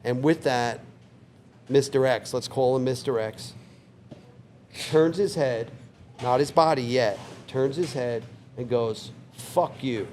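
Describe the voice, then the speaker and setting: Man in his sixties, bar owner, relaxed vivid storyteller, mid-range voice, faint background noise. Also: mid-range voice, takes it slowly, long pauses. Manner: relaxed, vivid anecdote teller who acts out quoted lines. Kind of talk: casual storytelling interview. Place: indoors on a couch in a bar.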